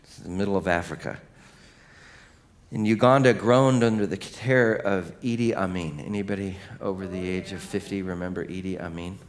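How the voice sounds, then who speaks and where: Give me a nasal middle-aged pastor, lower-pitched, swinging from playful jokes to quiet earnestness. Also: male voice, moderate pace. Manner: animated, jokey storytelling that drops to hushed earnestness. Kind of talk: sermon.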